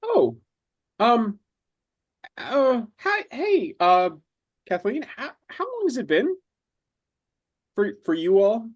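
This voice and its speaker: A man's voice: very high voice, huge pitch swings, takes it slowly, pauses often, no room sound, muffled recording, heavily acted. A man playing a soothing, stammering HR agent. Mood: awkward. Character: gentle, halting male HR agent.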